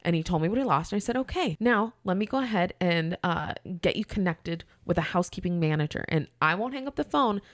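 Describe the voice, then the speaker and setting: A woman guest on a podcast, telling a story in a casual, animated way and acting out both sides of a phone call. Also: fairly low pitch, a little fast, hardly any pauses, no echo, clean studio sound.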